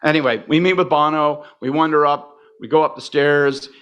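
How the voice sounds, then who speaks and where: A man's voice: a little high, fairly even intonation, normal speed, fairly bright tone, smooth. A man telling a long story at a live podcast taping, wry, profane and self-mocking. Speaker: podcast co-host. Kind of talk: animated storytelling on stage. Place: live event on stage.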